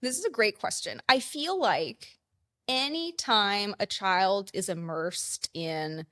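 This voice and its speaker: A woman's voice: medium pitch, lively intonation, slow pace, sharp tone, no echo, studio quality. A woman counselor and play therapist explaining ideas in a conversational interview, with frequent "like" fillers.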